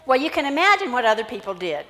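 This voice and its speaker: A woman pastor giving a sermon, animated as she tells a Bible story and acts out its characters. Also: a little high, fast. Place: church sanctuary. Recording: church hall reverb.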